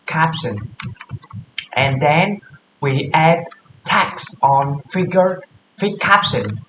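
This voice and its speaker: Man, coding tutor, slow halting delivery, repeats and self-corrects, roomy echo. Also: on the high side. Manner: halting, repeats and corrects words while thinking aloud. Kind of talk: casual screen-share coding walkthrough. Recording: roomy echo with faint hiss.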